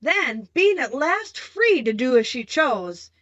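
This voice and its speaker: A woman reading a children's classic aloud as an audiobook narrator, steady and clear. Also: high voice, takes it slowly, no room sound, highs cut off. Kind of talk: scripted storybook narration.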